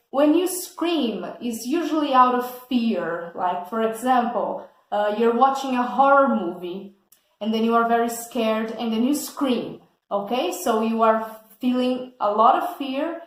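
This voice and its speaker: A woman teaching English vocabulary, speaking very slowly and deliberately. Her voice sits a little high. She checks in with the class again and again, and the recording carries a noticeable room echo. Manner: slow and patient, checks understanding with a frequent "okay?". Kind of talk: explaining vocabulary in an English lesson.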